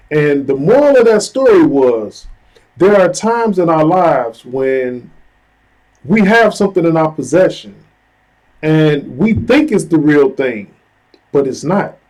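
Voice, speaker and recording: Over a low-quality recording, a fairly high-voiced man earnestly retells a personal story for his vlog. He chats conversationally with lively asides, peppering his speech with "you know" and "like."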